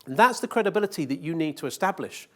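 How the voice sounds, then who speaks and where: High-voiced man presenting jokingly. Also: lively intonation, fast. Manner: jokey, teasing audience with rhetorical questions. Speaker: conference speaker. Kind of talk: live conference presentation. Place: conference hall.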